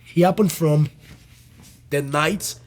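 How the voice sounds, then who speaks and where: A young man, a comedian guest, telling a personal story in an interview, animated and loose, with swearing and restarts. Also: a little high, takes it slowly.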